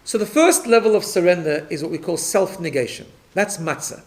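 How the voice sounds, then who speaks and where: A man's voice: high-pitched, lively intonation, brisk. A man, a rabbi, teaching a Torah class, explaining step by step and often checking in with his listeners. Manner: repeats words when restarting.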